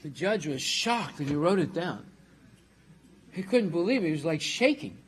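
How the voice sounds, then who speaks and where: A man teaching a class, telling a story in a relaxed way and dropping in Hindi words. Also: a little high, moderate pace, a little hiss or hum.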